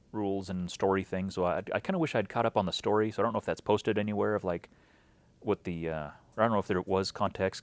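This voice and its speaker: A man's voice: sits low, no echo. A man recapping a weekend game event in a loose, rambling way, full of fillers and restarts, acting out bits of dialogue.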